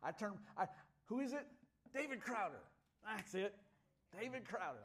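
Middle-aged male pastor, high voice, chatty sermon storyteller. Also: sing-song, brisk. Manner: chatty and storytelling, rising to loud exuberant preaching.

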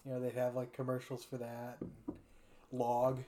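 A man's voice: mid-range voice, monotone, normal speed, dark tone. A man hosting a casual podcast chat, retelling cartoon scenes and putting on a voice for each character. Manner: fond of doing impressions. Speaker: podcast host.

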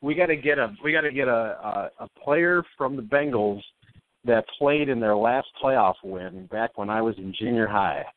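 A man's voice: mid-range voice, lively intonation, normal speed, gravelly, no echo. A man co-hosting a sports talk podcast, teasing his friend with mock apologies and frequent laughter. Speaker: podcast co-host. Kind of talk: casual sports talk banter. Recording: tinny phone-like dry line.

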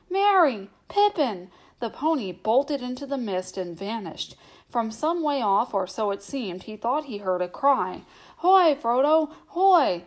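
Woman reading a story aloud, measured. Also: mid-range voice. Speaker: audiobook narrator.

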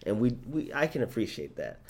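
A man co-hosting a casual podcast, telling the story in an upbeat, animated way. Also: on the low side, fairly quick. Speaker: podcast co-host.

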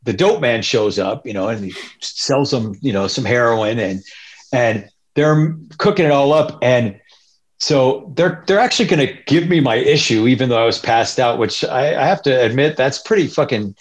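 Man, casual storytelling, rambling, mid-pitched. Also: normal speed. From Northern California. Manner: rambling, loose, animated quoting of others. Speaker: interview guest, punk musician.

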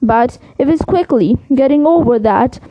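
A woman's voice: high-pitched, lively intonation, normal speed. A woman reading a novel aloud, sometimes stumbling and correcting words. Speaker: reader. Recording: muffled home recording.

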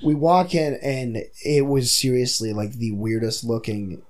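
A man's voice: medium pitch, fairly even intonation, unhurried, darkish tone. A young man, rambling through a story in casual chat and swearing freely.

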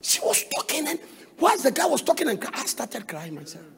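Animated preacher, gravelly voice. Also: male voice, very high-pitched, moderate pace, in a large hall. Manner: animated, shouting bursts, sing-song lines. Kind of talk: sermon with counseling stories.

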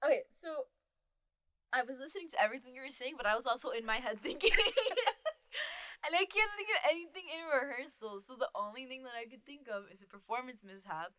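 Bright, giggly woman co-host. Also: high-pitched, lively intonation, fast talker, no echo. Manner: bubbly, giggly, fillers like "like". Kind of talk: casual chat about theater.

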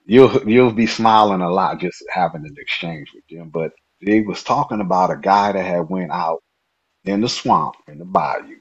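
Husky-voiced man telling a story. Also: sits low, moderate pace, muffled recording. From Nebraska. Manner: animated, laughs often, acts out dialogue. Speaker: podcast guest. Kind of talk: casual storytelling.

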